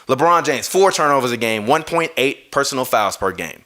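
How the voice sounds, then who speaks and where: A man's voice: mid-range voice, expressive, moderate pace, few pauses, bright, forceful tone. A man hosting a live basketball stream, ranting heatedly with swearing and arguing with viewers, apologizing over audio trouble with his mixer. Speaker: basketball podcast host. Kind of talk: live-stream sports rant. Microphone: streaming through a mixer.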